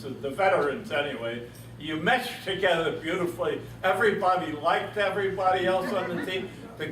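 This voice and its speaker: A man in his eighties, a veteran telling a war story to an audience at a reunion with a wry, chuckling manner. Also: high voice. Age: 80s. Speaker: veteran speaker. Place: reunion event room. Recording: roomy echo, distant mic, faint noise.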